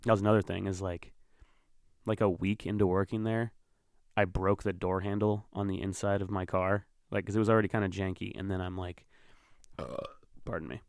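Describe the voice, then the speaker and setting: A young man tells a long, meandering story on his own podcast, swearing freely and circling back with fillers. His voice sits a bit low and comes across smooth and clear. The sound is dry and close. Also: moderate pace, pauses often, dry recording. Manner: rambling, profane storytelling with fillers. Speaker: podcast host. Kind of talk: casual monologue.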